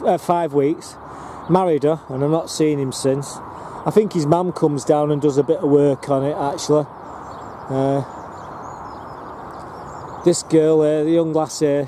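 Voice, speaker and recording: A man rambles cheerfully through a walking tour of allotments, his voice mellow and a touch higher than most men's. He talks in loose, chatty bursts with plenty of ums and restarts. It was recorded outdoors on a handheld camera mic, with a faint hum of outdoor ambience behind him. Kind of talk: casual walk-and-talk commentary.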